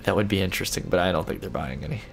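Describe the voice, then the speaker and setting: This young livestream host talks very fast in a low register with vocal fry, against a faint hiss or hum. On his late-night stream he reads chat messages aloud and answers them casually, restarting often.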